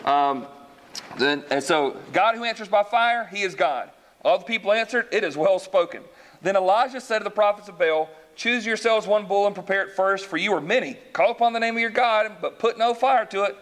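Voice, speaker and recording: A man's voice: high voice, brisk. A man preaching a sermon, reading scripture aloud and acting out the voices of its characters while asking his listeners questions. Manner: animated, acts out voices in the story, asks the congregation questions. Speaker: pastor.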